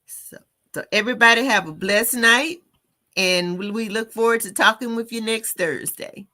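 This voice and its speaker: A woman's voice: a little high, normal speed, bright, forceful tone. A woman co-hosting a caregiving livestream from a call, chatty and friendly with many fillers. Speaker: co-host. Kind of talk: casual livestream wrap-up.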